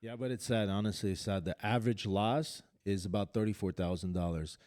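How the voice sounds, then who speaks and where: A man's voice: on the low side, fairly even intonation, brisk, darkish tone, no echo, clean studio sound. A man hosting a podcast, chatting casually and running through news items with frequent fillers and restarts. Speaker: podcast host.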